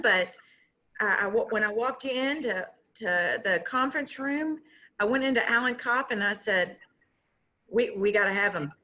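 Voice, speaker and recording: A woman's voice: fairly high pitch, pushed and bright. A woman from a company speaking at an online graduation, tearful and gushing, laughing through her tears. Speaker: company representative. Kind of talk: emotional speech at online graduation. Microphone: video call.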